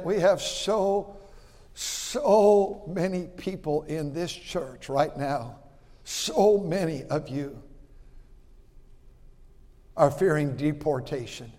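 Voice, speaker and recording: A male pastor preaching a sermon, swinging between shouted emphasis and hushed, confessional tones. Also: a little high, big-room sound.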